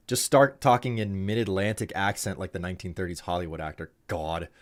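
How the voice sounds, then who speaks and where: Musing streamer man, low voice. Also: fairly even intonation, fairly quick. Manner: musing, thinks aloud with restarts. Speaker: live streamer. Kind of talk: casual stream commentary.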